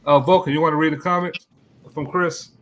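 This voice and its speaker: A man hosting a casual podcast debate, steering the talk back to his question with halting restarts. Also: fairly high pitch, steady tone, a bit bright. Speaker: podcast host and moderator. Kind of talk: casual debate among friends.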